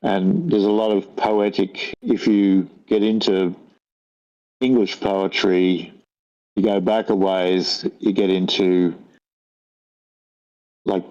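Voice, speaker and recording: Older Australian man, low and muffled. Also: darkish tone. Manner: rambling, thoughtful, self-correcting. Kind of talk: casual conversation. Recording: dull lo-fi audio.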